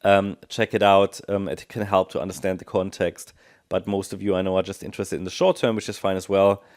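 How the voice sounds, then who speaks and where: A man presenting a technical analysis of market charts, thinking aloud and often pausing with ums and restarts. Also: low-pitched, level tone, darkish tone.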